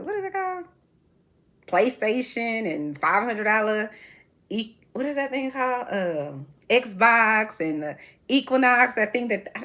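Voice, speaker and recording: A woman in her forties talks straight to her viewers about celebrity gossip in a casual, sassy way, laughing as she goes. Her voice is slightly husky and her pitch jumps up and down with a lot of life. She sounds relaxed and opinionated. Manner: animated, sassy, laughs often. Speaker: reality TV commentary host. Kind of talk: casual chat.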